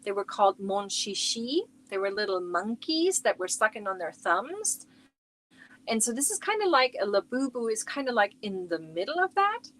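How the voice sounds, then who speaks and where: A woman's voice: medium pitch, very animated, normal speed, a bit bright. A middle-aged woman chatting casually on her crochet livestream from home, rambling and talking to viewers by name.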